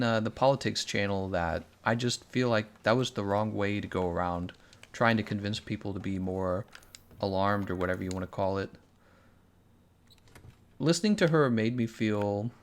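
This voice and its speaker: A young man streaming a game, chatting casually and sarcastically, reading viewer messages aloud. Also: lowish voice. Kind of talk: casual gameplay commentary.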